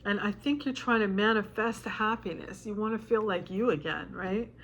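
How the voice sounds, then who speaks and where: A woman's voice: medium pitch, normal speed, a bit bright, slight background noise. Tearful chatty woman reading tarot. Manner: emotional, chatty, swears casually. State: tearful, choked up. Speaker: tarot reader. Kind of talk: casual tarot reading to camera.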